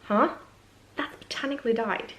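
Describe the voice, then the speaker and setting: Gushing woman, bright voice. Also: a little high, normal speed. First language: Norwegian. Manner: gushing, enthusiastic, self-deprecating. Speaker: knitwear designer and podcast host. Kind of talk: casual video podcast chat. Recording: echoey room.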